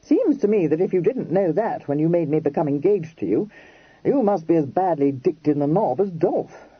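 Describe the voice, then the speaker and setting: A man's voice: on the high side, expressive, normal speed, slightly rough, no room sound, voice pushed up. A man voicing a mild, blunt young Regency dandy who talks in clipped, slangy phrases and drops his words. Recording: dry, dull lo-fi recording.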